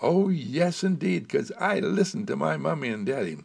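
A man voicing a cheerful, uninhibited ten-year-old girl in a children's story, in a lively sing-song childlike manner. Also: on the high side, moderate pace, creaky, breathy edge, voice pushed up, heavily acted. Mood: gleeful.

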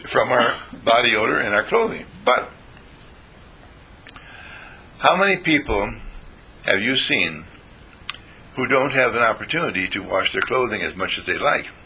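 A man's voice: mid-range voice, animated, moderate pace, pushed and bright, slight background noise. An older man giving a folksy, meandering spiritual talk to a small group, playful and chatty.

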